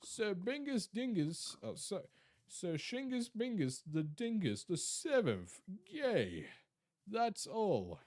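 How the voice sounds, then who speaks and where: A goofy self-styled nobleman , as a streamer puts him on, talking in a put-on American accent. Words come out drawn-out and over-pronounced, pitched well above a man's own voice. It is a silly, exaggerated streaming bit. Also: big pitch swings, a little mellow, exaggerated voice. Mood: playful.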